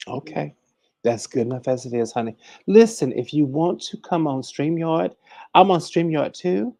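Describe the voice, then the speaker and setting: A man's voice: fairly high pitch, normal speed, vocal fry, dark tone, dry recording. A man hosting a casual livestream, chatting and teaching, greeting viewers by name and calling everyone honey. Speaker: livestream host and conjure teacher.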